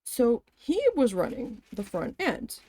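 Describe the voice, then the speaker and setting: A vlogger with a fairly high voice speaks slowly on a dry recording, doing a casual storytime while she embroiders. She vents about an old job in an animated way, swearing and acting out the voices of the people she quotes.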